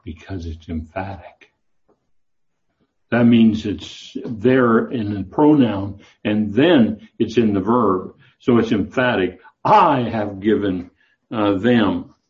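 Low-voiced man teaching a Bible class. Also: slow pace, darkish tone, lo-fi sound. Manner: discursive, many fillers and restarts.

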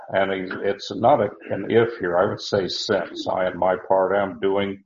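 A man teaching a Bible study, reading verses aloud and explaining them in a halting way, full of fillers and restarts. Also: deep voice, level tone, creaky, darkish tone. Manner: reads verses aloud, then explains the Greek words. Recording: roomy, dull lo-fi recording.

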